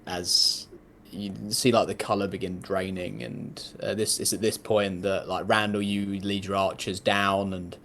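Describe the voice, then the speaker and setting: A man narrating as game master of a tabletop game, halting and soft-spoken, with many fillers. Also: sits low, little pitch movement, slight background noise.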